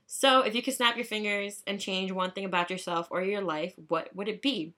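A young woman vlogging in casual chat, profane and chatty, rising into excited high bursts. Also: moderate pace.

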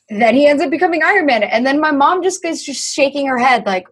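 A young woman, a podcast guest, telling stories in a lively, animated way, acting out quotes and swearing casually. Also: high-pitched, fast. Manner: animated storyteller, acts out quotes, swears freely. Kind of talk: casual conversation.

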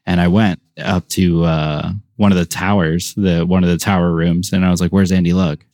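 Here is a young man with a very low voice, recorded close and dry with no room sound. He is a podcast guest who tells his stories with lots of energy and laughs often as he talks. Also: moderate pace, dry recording. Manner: animated storyteller, laughs often. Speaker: pro drift driver, podcast guest. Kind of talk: casual interview chat.

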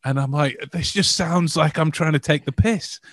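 A man's voice: on the high side, moderate pace, no echo. A man being interviewed, talking in a hesitant way with many restarts and frequent laughter. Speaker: guest. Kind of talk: casual interview chat.

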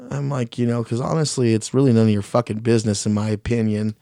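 A man's voice: mid-range voice, steady tone, quick pace, vocal fry, dark tone, dry recording, studio quality. A man telling a long story in casual chat, blunt and frank, swearing often and rambling, and openly critical of himself. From Mexican heritage.

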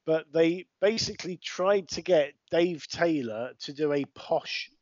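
A man's voice: fairly high pitch, unhurried, a little mellow, dry recording. Chatty British man, dry lo-fi sound. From United Kingdom. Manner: chatty, explains things for overseas listeners. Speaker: podcast co-host. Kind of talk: casual watch-along commentary.

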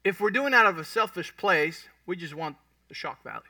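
Bright-voiced man preaching conversationally. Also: high-pitched, lively intonation, moderate pace, no echo, far from the mic. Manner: conversational, checks in with the congregation. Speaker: pastor. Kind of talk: sermon teaching.

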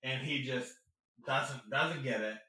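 A man co-hosting a podcast, telling stories in a casual, animated way and laughing often. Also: medium pitch, a little slow, heavy reverb, recorded from a distance, rough recording. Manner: animated, laughs often, acts out quoted voices. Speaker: podcast co-host. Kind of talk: casual storytelling chat.

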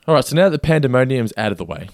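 A man co-hosting a podcast, chatting casually about a cartoon episode in an animated, exasperated, sweary way. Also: mid-range voice, very fast, soft background music. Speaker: podcast co-host.

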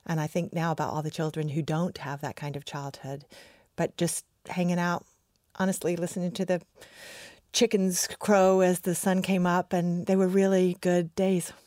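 An American woman talks as a podcast guest, recounting things with enthusiasm. Her voice is somewhat low for a woman, and the recording is dry and close. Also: little pitch movement, normal speed, a little mellow, no room sound. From United States. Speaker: research scientist, guest. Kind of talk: podcast interview.

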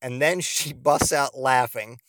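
A man's voice: medium pitch, unhurried, fairly bright tone, no room sound, clean studio sound. A man hosting a podcast, telling a comedic story in a rambling, profane way full of fillers. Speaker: podcast host.

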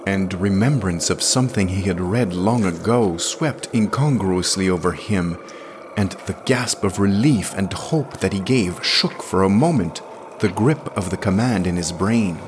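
A man reading a pulp science fiction story aloud, dramatic and expressive. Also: sits low, a little slow, background noise. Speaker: podcast reader.

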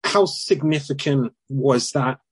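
A man interviewing, asking a question in measured, hedging phrasing. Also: medium pitch, slightly rough, no room sound.

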